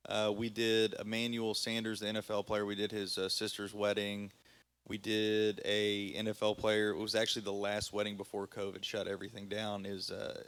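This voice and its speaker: A man with a fairly low voice talks through his catering stories in an easygoing, rambling way, full of "uh" and "um". He sounds like a relaxed guest on a casual podcast. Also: normal speed, clear, resonant tone. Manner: relaxed storyteller, many fillers. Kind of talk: casual interview chat.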